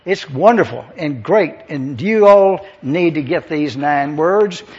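A male pastor leads a night-time Bible teaching in a slightly high voice. He speaks in a measured, deliberate way and spells out key words one letter at a time for note-takers. The recording is dull and lo-fi. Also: animated, a little mellow, husky. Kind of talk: evening Bible teaching to a congregation.

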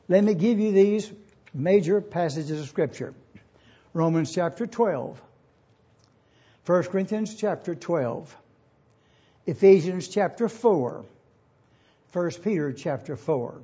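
High-voiced pastor with a dark husky tone. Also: male voice, animated, lo-fi sound. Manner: deliberate, explanatory, repeats key phrases. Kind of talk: sermon teaching.

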